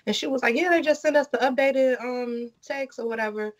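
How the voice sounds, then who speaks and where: A woman hosts a loose podcast chat, blunt and full of swearing. Her voice sits a little high, and she acts out other people's lines as she tells the story. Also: brisk, highs cut off. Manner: blunt, profane, animated storytelling. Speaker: podcast host. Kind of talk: casual chat.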